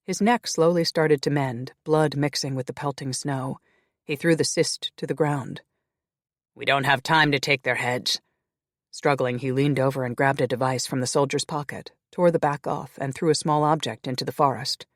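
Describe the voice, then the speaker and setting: A male narrator reads a paranormal romance audiobook at a steady, even pace. His mid-range voice is recorded close and dry. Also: mid-range voice, normal speed, dry recording.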